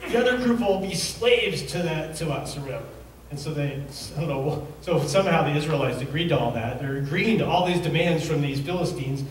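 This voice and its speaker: A man's voice: fairly high pitch, slight background noise. A middle-aged man from Reno preaching a sermon in a casual, rambling storytelling way, acting out the quotes as he goes. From Reno, Nevada, USA. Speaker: pastor. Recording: very echoey hall, mic at a distance.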